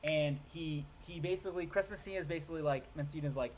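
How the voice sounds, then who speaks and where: Rambling, excitable male film reviewer. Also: on the high side, quick pace, slight background noise. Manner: rambling, restarts and stumbles over names; excitable, swearing. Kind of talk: casual rant review.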